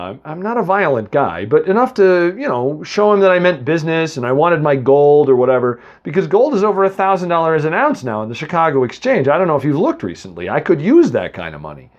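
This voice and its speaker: A man's voice: a little high, lo-fi sound. Chatty man telling a rambling comic story. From Boston area. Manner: rambling, chatty, full of asides to the listener. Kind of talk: comic first-person story reading.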